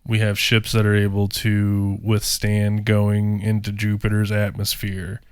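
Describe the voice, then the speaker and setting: A man's voice: fairly low pitch, completely flat delivery, measured pace, clear, resonant tone, no echo, studio quality. A man co-hosting a podcast in casual chat, rambling with lots of fillers. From rural area. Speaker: podcast co-host.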